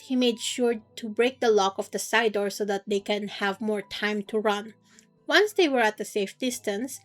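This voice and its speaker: A woman casually recapping a novel's chapters in a playful, slangy, joking way. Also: on the high side. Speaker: book recap youtuber. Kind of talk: casual chatty story recap.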